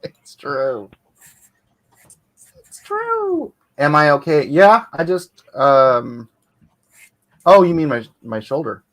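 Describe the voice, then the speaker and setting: A man's voice: mid-range voice, measured pace, hardly any pauses, fairly bright tone. A man hosting a casual livestream chat on a computer mic, rambling and laughing often. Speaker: livestream host. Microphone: computer mic on a video call.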